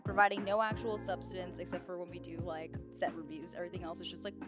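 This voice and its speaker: A woman's voice: mid-range voice, lively intonation, fast talker, hardly any pauses, sharp tone, faint music behind. A young woman co-hosting a casual chat show, bubbly and chatty. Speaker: co-host.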